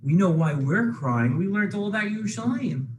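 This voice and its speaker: A man's voice: sits high, animated, moderate pace, a little mellow, reverberant. A man voicing young male soldiers who earnestly question their friend, in a told story. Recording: noisy background hiss.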